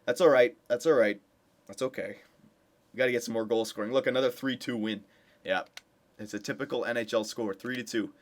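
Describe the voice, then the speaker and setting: A young man giving casual commentary over a hockey video game, cheering his team on with excitement. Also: medium pitch, fairly quick. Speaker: gameplay commentator.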